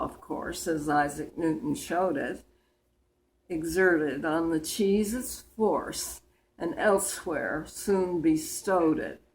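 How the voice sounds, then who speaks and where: Very old woman reciting poems slowly. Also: on the low side, a little hiss or hum, rough recording. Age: about 100. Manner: slow, deliberate recitation with small slips and restarts.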